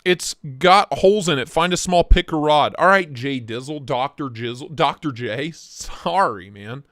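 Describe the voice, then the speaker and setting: Animated, excitable man hosting a livestream. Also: fairly high pitch, unhurried, no room sound, clean studio sound. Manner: excitable, joking, reacts to chat. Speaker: livestream host reviewing knives. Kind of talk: casual live-stream chat. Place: home office.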